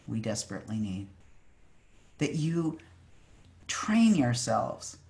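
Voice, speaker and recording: A preacher giving a heartfelt Shabbat sermon over a video call, earnest and emphatic, sometimes pausing to search for words. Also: mid-range voice. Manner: fervent, searching for words with fillers and restarts. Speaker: maggid, preacher.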